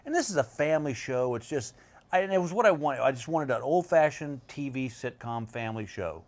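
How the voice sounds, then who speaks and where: A middle-aged male comedian chatting casually as a guest, telling rambling stories with a slow drawl and many restarts. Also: medium pitch, lively intonation. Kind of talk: casual chat. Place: bedroom set.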